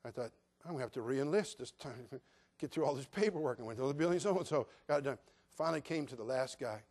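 A man's voice: mid-range voice, quick pace, a little mellow. An older man from California, a pastor preaching a sermon in an earnest, direct way and addressing his listeners as friends.

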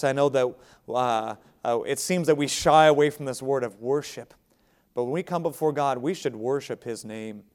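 An American man delivers a sermon in a relaxed, conversational way, turning to the congregation with everyday asides. His voice is smooth and resonant at an ordinary middle pitch. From United States. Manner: conversational preaching with asides and chuckles. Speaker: pastor.

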